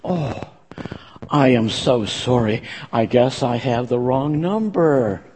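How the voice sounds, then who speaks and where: A man playing a kind, fussing older mother who soothes and reassures in a gentle, motherly way, recorded in a church with long reverb. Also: mid-range voice, takes it slowly, a little hiss or hum, natural voice. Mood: soothing.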